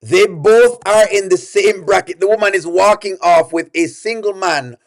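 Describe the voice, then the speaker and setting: A man hosts a casual reaction commentary, his voice sitting notably high for a man. He talks emphatically, circles back to the same points again and again, and breaks into laughter often. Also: moderate pace. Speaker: reaction video host.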